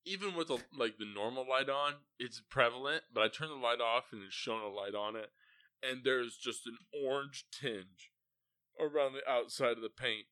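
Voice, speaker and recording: A young man co-hosting a casual podcast, griping about his landlord in a profane, joking rant. His mid-pitched voice is recorded close and dry, with no room sound around it. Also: normal speed, sharp tone, smooth, no echo. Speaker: podcast co-host. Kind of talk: casual chat.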